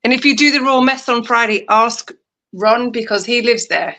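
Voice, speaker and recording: A woman's voice: on the high side, normal speed, pushed and bright. A woman chatting as co-host on a livestream, joking and lightly exasperated. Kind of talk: casual livestream chat.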